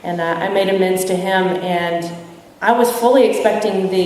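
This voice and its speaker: A woman's voice: mid-range voice, normal speed, warm tone, a little hiss or hum. Woman sharing her story in an echoing hall. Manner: candid and self-mocking, acting out the people she quotes. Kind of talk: recovery testimony to a live audience. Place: large convention hall with an audience. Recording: echoey hall from far off.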